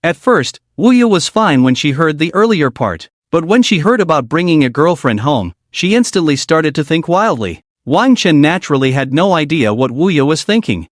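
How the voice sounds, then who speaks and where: A man's voice: fairly high pitch, sing-song, normal speed, few pauses, no echo, clean studio sound. A man narrating a recap story, reading every character's lines in one voice.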